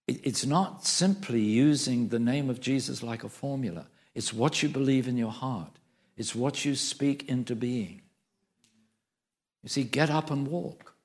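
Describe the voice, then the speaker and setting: A male preacher delivers a sermon in an emphatic style, repeating key phrases to drive them home. His voice carries a gravelly edge. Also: medium pitch, darkish tone.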